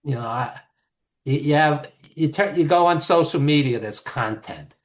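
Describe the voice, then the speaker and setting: Animated, emphatic man telling stories. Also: on the high side, normal speed. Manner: animated, emphatic storyteller with frequent restarts. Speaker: guest, author and producer. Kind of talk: storytelling interview talk.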